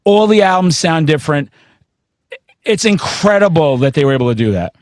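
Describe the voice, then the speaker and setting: A man in his forties hosting a casual metal chat, loud and intense, telling excitable stories with plenty of swearing. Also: on the high side, fairly quick, no echo, studio quality. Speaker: podcast host.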